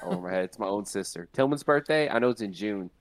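A man's voice: on the low side, expressive, quick pace, no echo. A man in his late twenties co-hosting a podcast, chatting in an easygoing, rambling way. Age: 20s. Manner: easygoing, rambling, self-mocking. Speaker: podcast co-host. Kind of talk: casual chat between friends.

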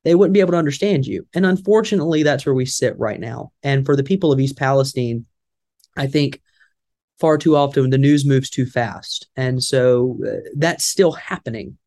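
A man's voice: mid-range voice, moderate pace, a little mellow, no echo. A man with a Southern American drawl hosts a talk show in a rambling, folksy way, then slides into upbeat event promo. The sound is dry and close to the mic. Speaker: radio show host.

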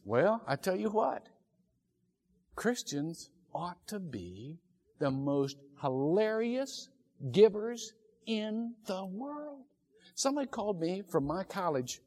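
Middle-aged man, pastor, sermon, animated storyteller, high voice, echoey church hall. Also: slow pace. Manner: animated storytelling, laughing often. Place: church sanctuary.

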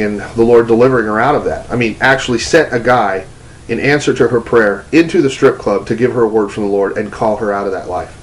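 Man telling a testimony at mid pitch. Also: a little hiss or hum, rough recording. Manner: conversational storytelling with restarts and fillers. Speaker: preacher, ministry teacher. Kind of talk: testimony-style teaching talk.

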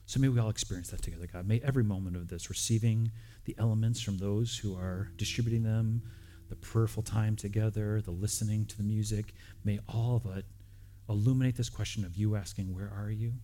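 A man's voice: on the low side, steady tone, a little fast, mellow, slight background noise. A man preaching as pastor, speaking earnestly and directly, often repeating phrases, then leading a communion prayer. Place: church sanctuary with congregation.

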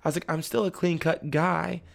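A young man, a podcast guest, telling a story in casual chat, animated and laughing often as he acts out his family's lines. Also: fairly high pitch, brisk, vocal fry. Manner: laughs often while talking.

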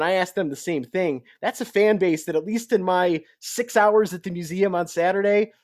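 A man's voice: high-pitched, moderate pace, hardly any pauses, dry recording, clean studio sound. A young adult man chatting casually on a sports talk show, telling stories in a chatty way. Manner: chatty storyteller. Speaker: podcast co-host.

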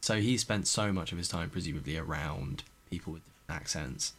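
A man's voice: deep voice, a little fast, a bit bright, breathy edge. A man hosting a podcast, rambling and swearing in casual chat. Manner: rambling, swearing, many restarts. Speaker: podcast host.

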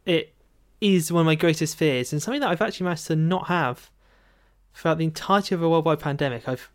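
A man's voice: on the high side, quick pace, smooth. A man co-hosting a book podcast, chatting casually and animatedly, with plenty of filler words. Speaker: podcast co-host. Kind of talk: casual chat about a book.

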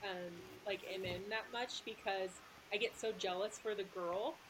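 A woman's voice: mid-range voice, fairly even intonation, normal speed, background noise. A woman author, a guest on a podcast, chatting casually with lots of fillers and giggles. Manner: giggly, filler-heavy, rambling.

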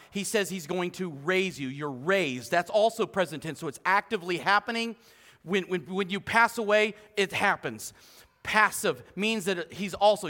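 A man preaching a sermon as pastor, animated and joking with the congregation in a church hall. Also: high-pitched. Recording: long church hall reverb.

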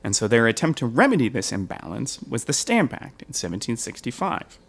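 A man hosting a casual history podcast, with a middle-pitched voice of everyday range. He explains at length and breaks into easy laughter. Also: big pitch swings, a little fast.

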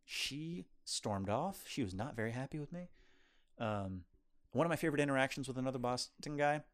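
Man, podcast co-host, animated pitch, casual rambling chat. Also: fairly quick. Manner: rambling storyteller, lively and chatty. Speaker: podcast co-host reviewing films.

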